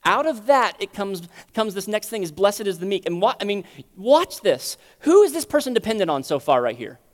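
A man preaching a sermon in a conversational teaching style, asking rhetorical questions and swinging between loud emphasis and quiet lows, heard with long hall reverb in a church sanctuary. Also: big pitch swings, moderate pace.

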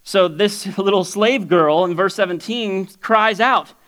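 A male pastor preaching a sermon in a casual, conversational way. He swings between loud, high exclamations and quiet, low asides, and often chuckles between points. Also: a little slow, clear, resonant tone.

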